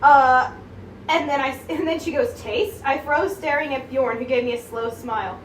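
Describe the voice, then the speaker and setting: A young woman co-hosting a book club, chatting casually and reading passages aloud with quick acted-out quotes. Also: sits high. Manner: retells scenes with quick acted-out quotes, laughs often. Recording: roomy echo, distant from mic, faint hiss.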